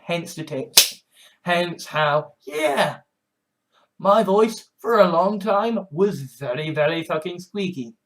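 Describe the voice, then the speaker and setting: A man in his twenties in a rambling vlog monologue, halting and sardonic, with many restarts. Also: high-pitched, expressive, fairly bright tone. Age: 20s. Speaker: vlogger.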